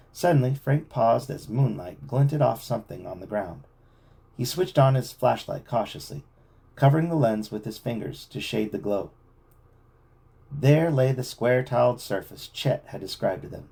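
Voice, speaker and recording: A man reads a boys' adventure novel aloud to a child at home. His voice is dark and gravelly with a husky rasp, and it rises and falls in lively storyteller fashion. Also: medium pitch.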